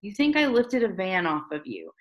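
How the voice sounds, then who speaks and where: A woman reading the lines of a cold, defensive teenage boy aloud, quietly and curtly. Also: medium pitch, huge pitch swings, moderate pace. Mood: derisive.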